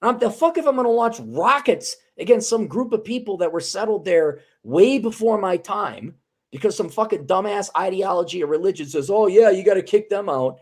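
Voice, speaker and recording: A man on a casual podcast, talking in a heated, profane rant that keeps restarting mid-thought. His voice sits somewhat high and swings widely in pitch as he gets worked up. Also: lively intonation, moderate pace. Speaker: podcast host.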